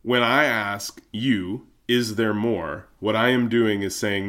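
A man's voice: on the low side, takes it slowly, few pauses, fairly bright tone. A man co-hosting a casual podcast chat, telling a story in a playful, joking way. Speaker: podcast co-host.

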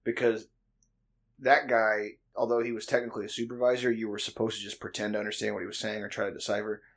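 A man telling a profane, animated story in casual podcast chat, laughing often. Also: on the low side, fast talker, creaky.

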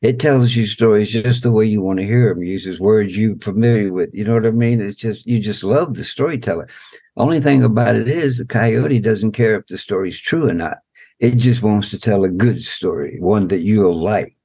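A man's voice: lowish voice, normal speed, dark tone, husky, no room sound. An older man telling a folksy, rhythmic story as a guest elder in a podcast interview.

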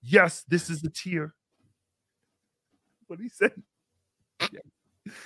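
A man's voice: fairly high pitch, takes it slowly, fairly bright tone, breathy edge, no echo, exaggerated voice. A man putting on a silly, self-pitying showman character who talks about himself in the third person in a melodramatic, whiny way on a comedic live stream. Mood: mock-sentimental. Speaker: livestream show host.

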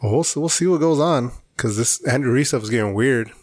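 A man co-hosting a casual podcast chat, relaxed and matter-of-fact. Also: medium pitch, brisk, husky, no room sound, clean studio sound. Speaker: podcast co-host.

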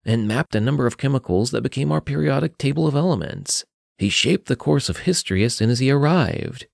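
A man's voice: medium pitch, creaky, a little mellow, no echo, clean studio sound. A man voicing an old grandfather with a thick, tired voice in an audio story.

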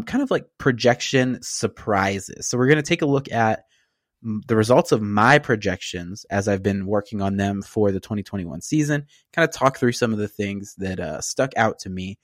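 A man's voice: on the low side, no room sound, clean studio sound. A man co-hosting a sports podcast, upbeat and chatty, laying out the show's segments. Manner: upbeat, laughs often, runs the show segments. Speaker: podcast co-host. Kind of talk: casual chat.

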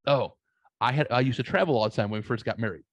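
A man spins loose, profanity-laced stories in an easygoing chat, jumping from one aside to the next with plenty of swearing. His voice is mid-pitched and sits dry and close, with no room sound around it. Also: fast, no echo, muffled recording. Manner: profane, rambling, animated anecdotes. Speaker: podcast guest. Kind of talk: casual storytelling.

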